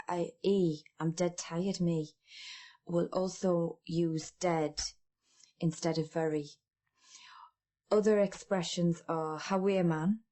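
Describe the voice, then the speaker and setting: A woman with a northeast English accent, speaking steadily and fluently. Her voice is fairly low and has a dark, mellow tone. She sounds composed and prepared. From Sunderland, northeast England. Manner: steady and fluent, few fillers.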